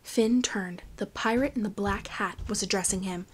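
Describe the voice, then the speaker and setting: A woman reading a novel aloud as audiobook narration, in a slow, hushed storytelling manner. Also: mid-range voice, slight background noise. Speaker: audiobook reader.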